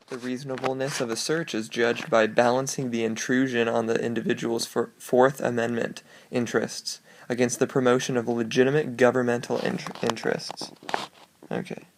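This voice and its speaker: Gravelly man reading case summaries. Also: mid-range voice, little pitch movement, moderate pace, heavy background noise. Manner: reads formal summaries, then adds offhand jokey asides. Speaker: student presenter. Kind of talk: casual read-aloud of case summaries.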